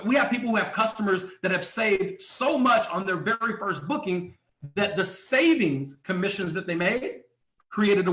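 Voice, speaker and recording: This man's high, bright voice carries a forceful tone as he gives a rousing sales training talk to a live audience. He's emphatic, leans on rhetorical questions, and keeps clearing his throat. The sound is roomy.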